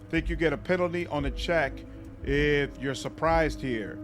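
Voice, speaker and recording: A man's voice: a little high, sing-song, a little slow, over music. A man giving casual gameplay commentary, chatty and amused, thinking aloud as he plays. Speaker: gaming streamer.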